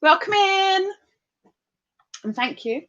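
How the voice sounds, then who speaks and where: A high, bouncy woman, her voice leaping all over the place as she greets viewers one by one. She takes her time over each word, singing out hellos and giggling between comments. The sound is a little dull and lo-fi. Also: expressive, slow, fairly bright tone. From England. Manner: chatty, sing-song greetings, giggly. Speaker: livestream host. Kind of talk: casual livestream chat reading comments.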